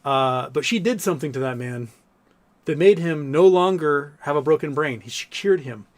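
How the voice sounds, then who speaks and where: Man, livestream host, casual chat, rambling storyteller, swears freely, slightly high voice. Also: expressive, normal speed. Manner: rambling, profane, storytelling, reads chat aloud.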